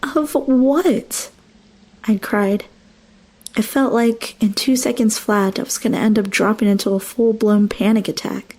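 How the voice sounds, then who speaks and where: A woman's voice: mid-range voice, steady tone, moderate pace, hardly any pauses, darkish tone. A young woman narrating a first-person horror story with dramatic, emotional delivery.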